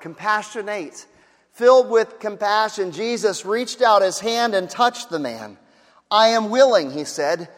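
Impassioned high-voiced male preacher. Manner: impassioned, swings from hushed to shouting. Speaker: pastor. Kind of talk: sermon. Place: church hall. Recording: long hall reverb.

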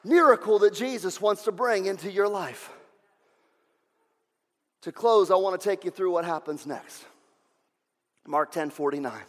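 A high-pitched male pastor preaching with fervor, hammering home each point through repetition. His voice rings out with the long reverb of a large church sanctuary. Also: measured pace, pauses often. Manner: fervent, repeats phrases for emphasis. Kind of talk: sermon.

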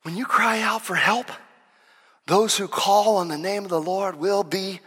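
A man preaching a sermon in an animated way, stumbling over restarts and acting out the quotes he tells. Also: sits high, unhurried, slightly rough. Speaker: pastor. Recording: long reverb of a large hall.

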